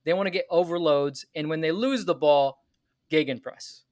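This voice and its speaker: A man on a casual soccer podcast explains tactics patiently and step by step. His voice sits a little high, and the sound is dry and close. He talks like someone used to walking friends through the game. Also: moderate pace, darkish tone, no room sound.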